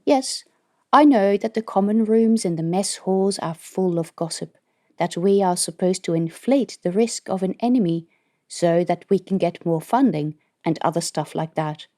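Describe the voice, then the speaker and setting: A woman voicing a stern, secretive female military colonel in an audiobook, speaking in a measured, grave way. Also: fairly low pitch, mellow, natural voice.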